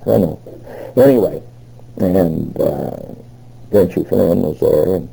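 A man's voice: low-pitched, slow, vocal fry, warm tone, husky, low-quality recording. An older man telling his memories in an oral history interview, rambling and retelling old conversations with many fillers. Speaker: interviewee recalling past work.

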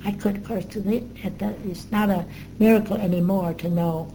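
Older woman with a mellow voice. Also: medium pitch, fairly even intonation, a little hiss or hum, rough recording. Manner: reflective, earnest storytelling with pauses and fillers. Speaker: interviewee. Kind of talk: recounting memories in an interview.

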